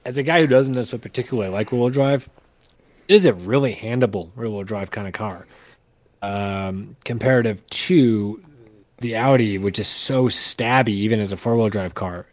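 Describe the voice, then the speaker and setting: A man's voice: on the low side, normal speed, dry recording. A man co-hosting a casual podcast, chatting loosely and joking with restarts. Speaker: podcast co-host and sim racer.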